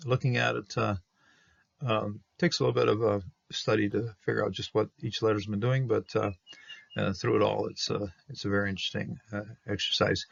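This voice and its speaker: A man explaining a Hebrew Bible manuscript, halting with many fillers and restarts as he reads words slowly. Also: lowish voice, little pitch movement. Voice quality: gravelly and husky. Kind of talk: unscripted explanatory study talk. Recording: dull lo-fi dry recording.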